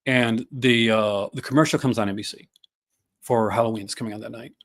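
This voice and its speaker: A man's voice: mid-range voice, steady tone, fairly quick. A man in his fifties hosting a casual chat, rambling with many fillers and restarts. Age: 50s. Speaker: podcast host.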